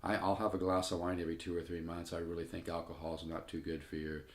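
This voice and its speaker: An older man, folksy and plainspoken, teaching guitar technique and pitching a guitar for sale while he plays. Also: flat delivery, fast talker. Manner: folksy, plainspoken, repeats himself. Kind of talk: casual guitar demo and sales pitch. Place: room while playing guitar. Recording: echoey room with guitar. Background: his own guitar playing.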